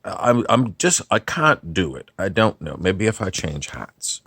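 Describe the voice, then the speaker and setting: A man putting on a rambling older novelist, halting and apologetic, in a comic impression monologue. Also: sits low, sing-song, fairly bright tone, breathy edge, exaggerated voice.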